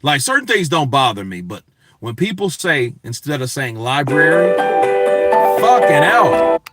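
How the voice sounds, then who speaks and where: A man's voice: medium pitch, big pitch swings, normal speed, over loud music. A man hosting a boxing news show, talking in a casual, profane, emphatic rant to his viewers. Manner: profane, emphatic, talks to chat.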